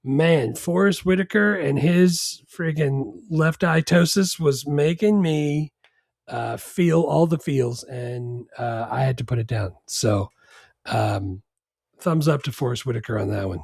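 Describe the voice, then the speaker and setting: A man's voice: a little high, measured pace, creaky, darkish tone, slightly rough, no echo. A man co-hosting a casual movie podcast, laid-back and hesitant with many ums and wry jokes. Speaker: podcast co-host.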